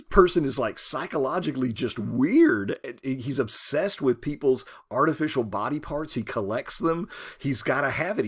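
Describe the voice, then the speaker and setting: A man in his fifties or older, a literature professor, giving a recorded lecture with animated rhetorical questions and chatty asides. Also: mid-range voice, breathy edge.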